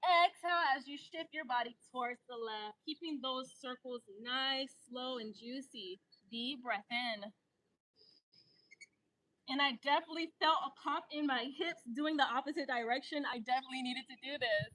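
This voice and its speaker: A woman leads a guided yoga flow with a high, bright voice. She cues breaths and poses calmly but drifts into loose, chatty slang between cues. Her tone stays light and clear throughout. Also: normal speed, rough recording. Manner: calm cueing that breaks into chatty, animated asides; casual slangy talk. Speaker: yoga instructor.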